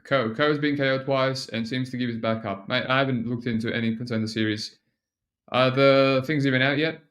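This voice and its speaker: A man's voice: medium pitch, a bit bright. A man hosting a solo podcast, talking casually and rambling, with lots of fillers and restarts. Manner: rambling, self-mocking, frequent fillers and restarts. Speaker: podcast host.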